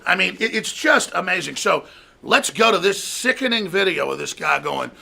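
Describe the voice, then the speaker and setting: Man, gravelly rough voice, high-pitched, ranting talk show host, mocking tone. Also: animated, normal speed, bright, forceful tone. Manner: ranting, mocking, mimics opponents in a raised voice. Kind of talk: angry political rant.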